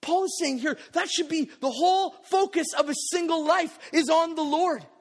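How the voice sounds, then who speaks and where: His voice echoing at length through a large hall, a pastor with a high pitch preaches with liveliness at a moderate pace. Playful asides and small performed quotes punctuate the sermon.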